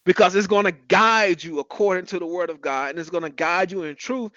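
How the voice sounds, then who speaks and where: A man with a high voice preaches a lively sermon and calls out to people in the room by name. The sound is dry and close. The recording is a little dull and lo-fi. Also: fairly quick, no echo. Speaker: pastor.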